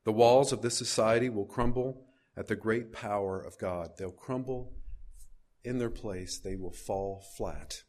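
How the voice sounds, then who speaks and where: A preacher's mid-range, darkish voice moves at a measured pace through his sermon. Scripture is read out with building emphasis, and he keeps asking his listeners questions.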